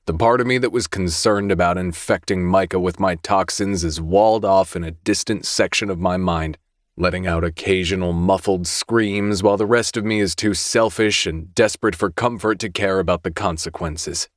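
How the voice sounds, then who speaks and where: A man with a very deep, low voice reads a first-person audiobook in a measured, introspective way. The sound is dry and close, with no room around it. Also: dry recording. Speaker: audiobook narrator.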